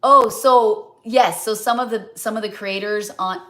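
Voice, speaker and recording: A woman's voice: medium pitch, steady tone, unhurried, fairly bright tone. A middle-aged woman rambling in a chatty way as she hosts a live cooking stream. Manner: chatty and rambling, many fillers and asides. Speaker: cookbook author hosting a live cooking stream. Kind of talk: casual live cooking chat.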